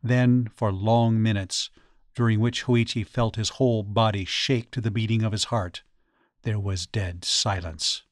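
A man narrating a ghost story audiobook in a measured, dramatic way. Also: fairly low pitch, fairly even intonation, no room sound, clean studio sound. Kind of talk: scripted narration.

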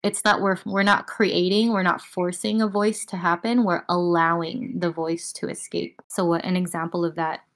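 A woman guiding listeners through a breathing and voice exercise on a video call, talking casually and calmly with many filler words. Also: fairly low pitch, moderate pace, hardly any pauses. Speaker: breathwork and voice teacher. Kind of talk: guided breathing lesson on a group call. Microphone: video call with noise cancelling.

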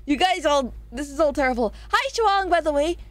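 A woman's voice: sits high, animated, brisk, no echo. A woman streaming a casual chat, reading out viewer suggestions, giggling often and swearing freely.

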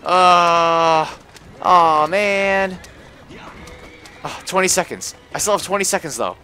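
A man giving live gameplay commentary on a stream, often frustrated and cursing with loud outbursts. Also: sits high, slow, soft background music. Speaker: gaming livestreamer.

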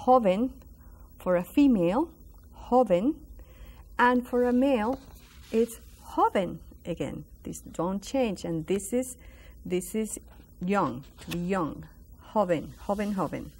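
A woman's voice: medium pitch, expressive, darkish tone. A woman teaching a lesson on a school broadcast, drilling words with patient, encouraging repetition. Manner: slow, patient drilling with sung-out repeated words; encouraging, praises the viewers. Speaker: Spanish teacher. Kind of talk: classroom language lesson.

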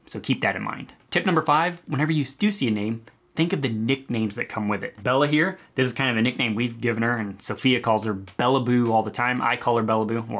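A man's voice: medium pitch, fairly bright tone. Chatty upbeat man giving tips. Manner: chatty, upbeat, loose with asides. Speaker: channel host and dog breed site founder. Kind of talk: casual talking-to-camera advice.

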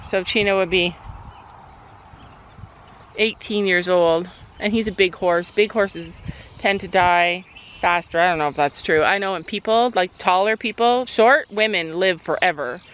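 Outdoors by a horse near a road, a middle-aged vlogger and mother chats casually, wandering through her story with many fillers. She has a medium-pitched, slightly bright voice at a moderate pace, captured in lo-fi sound with a little hiss or hum.

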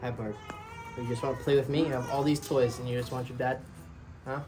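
A man's voice: mid-range voice, fairly even intonation, brisk, over music, low-quality recording. A man chatting casually in a vlog, talking playfully to his pet birds in an outdoor enclosure. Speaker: bird owner and channel host.

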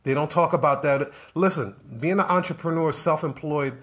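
A man's voice: a little high, normal speed, a bit bright. A man giving a motivational business talk on a live stream, firing off rhetorical questions and repeating himself as he pushes his point. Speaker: business coach.

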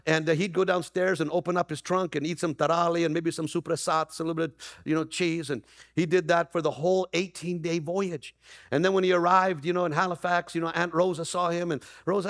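High-voiced energetic male pastor preaching. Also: no echo, studio quality. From Canada. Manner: energetic, rising to near-shouts, playful asides. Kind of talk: Christmas Eve sermon. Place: church hall.

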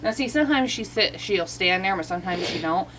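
A woman's voice: expressive, brisk, fairly bright tone, a little hiss or hum, rough recording. A woman talking casually to a camera while training her service dog outdoors, explaining commands with examples. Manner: chatty, explaining with examples, acts out the dog's greetings in a high voice. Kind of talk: casual vlog narration. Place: outdoors near a bait shop.

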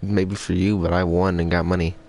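A man's voice: low voice, level tone, brisk, darkish tone, low-quality recording. A man hosting a casual gameplay session, teasing his friend and laughing often. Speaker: gaming channel host.

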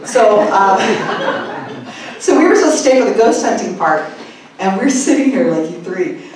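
A woman speaker at a conference, telling an animated story and mimicking people in high squeaky voices, laughing often. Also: normal speed. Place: conference hall. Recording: echoey hall, mic far off, faint room hum.

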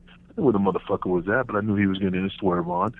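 New man, forties, animated foul-mouthed storyteller, slightly dull podcast sound. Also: deep voice, very fast. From New York. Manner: profane, animated, acts out voices in anecdotes. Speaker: wrestling podcast guest. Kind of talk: casual storytelling. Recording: slightly muffled podcast audio.

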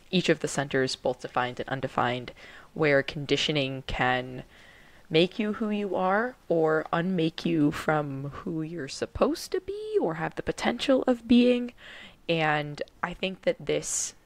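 A bubbly woman co-hosts a casual podcast chat, chatty and quick to poke fun at herself. Her voice sits low and has a gravelly rasp, and it sounds close and dry with no room around it. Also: no echo. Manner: bubbly, chatty, self-deprecating. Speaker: podcast co-host.

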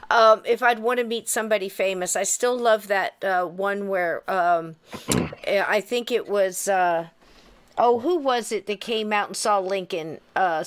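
A woman's voice: medium pitch, a bit bright, smooth. A woman hosting a podcast, chatting with enthusiasm and laughing often. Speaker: podcast host. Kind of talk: casual chat.

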